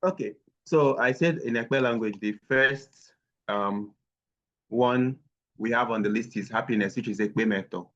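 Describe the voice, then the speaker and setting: A man teaching an online language lesson on a video call, patiently repeating words slowly for his learners. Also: medium pitch, fairly bright tone. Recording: dull lo-fi call audio.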